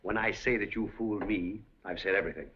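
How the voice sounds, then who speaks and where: An actor playing a suave, scheming café proprietor in a 1930s film, speaking in an urbane, deliberate way. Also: male voice, on the low side, steady tone, breathy edge. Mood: sly. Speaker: café owner. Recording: dull 1930s film soundtrack.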